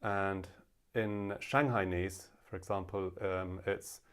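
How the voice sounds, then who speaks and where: A man teaching a casual language lesson, explaining with many fillers and slowing down to demonstrate pronunciations. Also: deep voice, steady tone.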